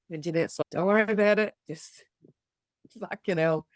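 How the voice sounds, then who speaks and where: A middle-aged Australian woman, appearing as a podcast guest, tells her story candidly and bluntly, swearing freely and imitating other people's voices. Her voice is on the low side, at a moderate pace, with no echo.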